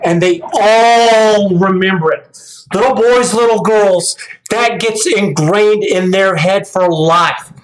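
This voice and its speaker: Slow and high-voiced, a middle-aged vlogger delivers a long, casual monologue in an echoey room. He rambles and repeats words as he restarts, gradually getting emphatic and ranting.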